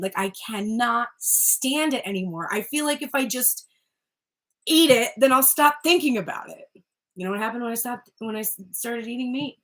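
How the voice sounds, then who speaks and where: A woman's voice: on the high side, a bit bright. Chatty woman giving a rambling tarot reading. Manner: chatty, rambling, self-interrupting with frequent "like"; laughs often. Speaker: tarot reader.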